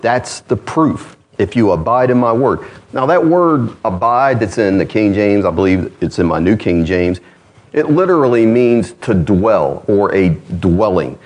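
A man preaching a sermon as pastor, conversational, with self-deprecating asides and lively swings in pitch. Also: unhurried.

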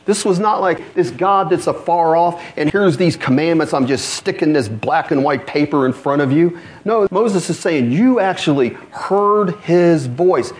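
A man preaching a sermon, reading scripture aloud in a lower, slower voice and lifting his pitch to drive points home. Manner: reads scripture low and slow, then rises to press points.

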